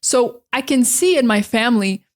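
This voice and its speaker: A young American woman with a standard accent, teaching in a casual, chatty monologue full of fillers and slow explanations. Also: on the high side, expressive. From Northeastern United States. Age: young adult. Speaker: English teacher.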